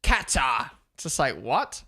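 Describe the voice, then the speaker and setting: Young guy streaming a race watchalong, bright voice, kinda high, gets worked up and swears a lot. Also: moderate pace. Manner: excitable, swears, thinks aloud. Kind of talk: casual live commentary.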